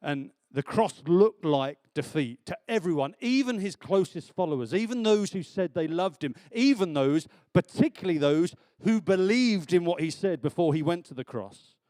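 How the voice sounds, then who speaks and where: Animated man preaching. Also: sits high, normal speed, hardly any pauses, no room sound. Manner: chatty and animated, laughing often, acting out film lines. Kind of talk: sermon. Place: church.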